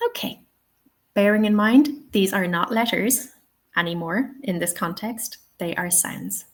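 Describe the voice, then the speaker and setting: An Irish woman leads an online teaching webinar at a slow, unhurried pace. She explains patiently and keeps checking in with her listeners. Her pitch sits in an ordinary middle range. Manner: patient, checks in often with "okay" and "all right". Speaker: TEFL trainer.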